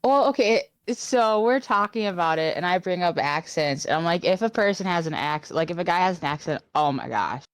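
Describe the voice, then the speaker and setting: A woman's voice: lowish voice, lively intonation, a little fast, few pauses, smooth, no echo. Chatty giggling woman, Wisconsin accent. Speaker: podcast co-host. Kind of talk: casual chat.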